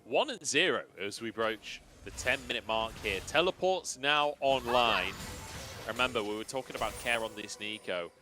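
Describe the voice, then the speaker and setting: A man casting a live esports match, giving analysis with lively, laughing banter. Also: mid-range voice, normal speed, soft background music. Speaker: esports caster. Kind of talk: live color commentary.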